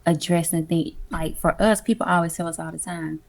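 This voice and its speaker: Deep-voiced woman with some vocal fry, candid music curator telling stories with slang and cussing. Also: fairly quick. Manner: expressive, slangy, profane. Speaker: music event curator, guest. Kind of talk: casual storytelling interview.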